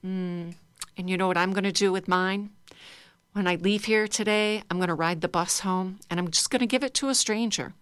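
A woman leading a group through guided laughter exercises, playful and encouraging, breaking into loud laughter. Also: mid-range voice, brisk, clear, resonant tone, no room sound, clean studio sound. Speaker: laughter yoga leader.

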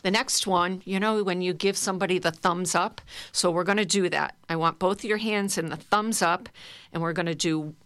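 A middle-aged woman leads a guided laughter class, playful and encouraging as she chants along. Her voice sits a little low. The sound is close and dry, with no room echo. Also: fairly even intonation, moderate pace, fairly bright tone. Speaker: laughter yoga instructor.

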